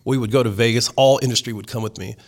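A Southern-accented man talks quickly and with excitement, laughing and swearing freely. He chats casually as a DJ guest on a podcast. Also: mid-range voice. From Texas.

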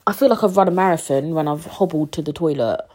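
Deep-voiced and warm, this podcast host talks at a quick pace. She is a woman in her 20s recording a casual solo episode while ill and upset, rambling with lots of fillers and the occasional swear.

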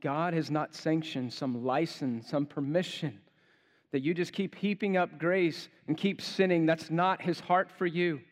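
A male pastor preaching a sermon, emphatic, building to forceful rhetorical questions. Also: a little high, fairly even intonation, measured pace. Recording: long hall reverb.

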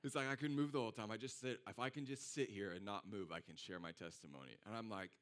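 Speaking fast in a lowish voice, this pastor delivers a relaxed, chatty sermon. He shares a story from his own life with animation, performing the lines his friends spoke.

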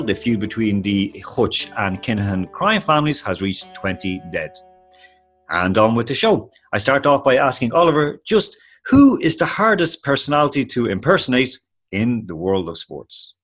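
A man hosting an interview, introducing the show and telling stories in a lively way. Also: on the low side, normal speed, faint music behind. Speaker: host. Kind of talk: podcast interview.

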